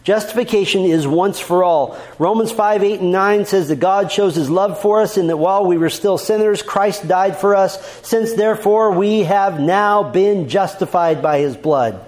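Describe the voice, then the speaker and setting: High-voiced man preaching an emphatic sermon. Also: normal speed, few pauses, darkish tone. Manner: emphatic, repeats key lines, quotes scripture. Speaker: pastor.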